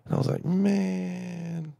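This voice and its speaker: A middle-aged man in a casual podcast chat, telling animated stories and acting out what people said. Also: medium pitch, fairly quick, gravelly. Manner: animated storyteller acting out quoted dialogue.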